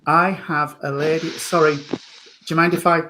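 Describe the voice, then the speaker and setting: Man, medium giving readings, affectionate, calls people darling, video-call audio, fairly high voice. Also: flat delivery, moderate pace, a crowd in the background. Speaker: spiritualist medium and reverend leading an online service. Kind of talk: chatty service hosting and mediumship readings.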